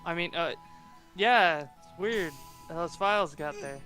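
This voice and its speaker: A man's voice: a little high, measured pace, sharp tone, faint music behind. A man bantering and joking with the host on a casual game stream.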